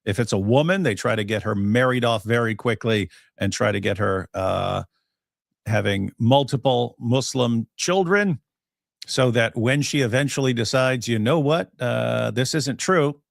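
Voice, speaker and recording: A man's voice: mid-range voice, normal speed, vocal fry, dry recording, clean studio sound. A man co-hosting a livestream in casual chat, rambling and laughing at his own jokes. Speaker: co-host.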